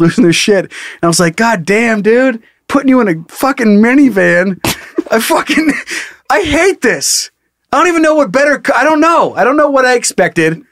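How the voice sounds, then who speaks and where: High-voiced profane storytelling man. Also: fairly bright tone, no room sound, clean studio sound. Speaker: podcast co-host. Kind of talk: casual podcast chat.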